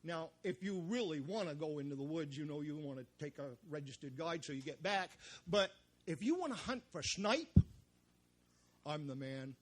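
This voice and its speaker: A man's voice: fairly high pitch, animated, moderate pace. A man playing a folksy tall-tale-telling woods guide, live on an outdoor festival stage. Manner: folksy, chuckling at his own jokes. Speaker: storyteller.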